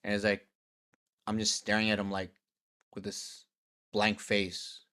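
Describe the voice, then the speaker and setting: A man with a fairly low voice tells a long story in a loose, casual vlog style. He swears freely and acts out each side of the conversations as he goes. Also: measured pace. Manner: animated, profane, acts out conversations. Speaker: vlogger.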